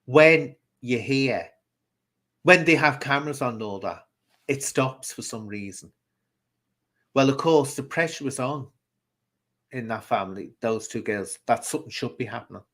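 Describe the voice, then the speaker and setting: A man from the UK hosts a casual live-stream chat. He talks in a chatty, opinionated and rambling way, stopping to read out comments from viewers. His voice sits at an ordinary middle pitch. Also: expressive, moderate pace, pauses often, fairly bright tone. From United Kingdom.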